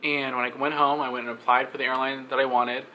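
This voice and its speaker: A young man vlogging, telling a story in a casual, animated way and acting out the other people's lines. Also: medium pitch, quick pace, a little hiss or hum. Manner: animated, acts out quoted voices.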